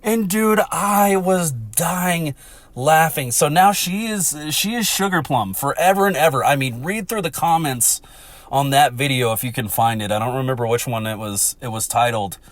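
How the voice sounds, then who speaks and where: A man hosting a casual solo podcast, swearing often and laughing as he tells a story, with sudden shouted impressions. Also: on the high side, normal speed, dry recording. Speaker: podcast host.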